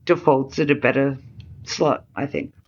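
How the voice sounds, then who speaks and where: An Australian woman co-hosting a podcast, chatting casually about a film and acting out lines from it with animated energy. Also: very deep voice, measured pace. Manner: animated, acts out characters' lines. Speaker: podcast co-host. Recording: slightly dull lo-fi sound.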